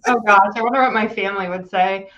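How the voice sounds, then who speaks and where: A woman's voice: mid-range voice, steady tone, quick pace, a crowd in the background. A woman guest on a live-stream interview, hesitating with fillers and laughing often as she answers. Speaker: guest, business founder. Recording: dull lo-fi stream audio.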